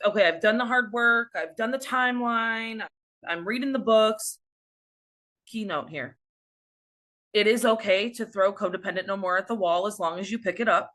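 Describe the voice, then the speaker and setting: A woman's voice: medium pitch, a bit bright. A woman speaking as a survivor advocate in a frank, reassuring, conversational way. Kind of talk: casual talk.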